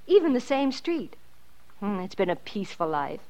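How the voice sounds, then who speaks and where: A woman's voice: mid-range voice, sing-song, moderate pace, a little mellow, natural voice. An actress playing a contented small-town wife and mother in a 1940s radio play, chatting reflectively.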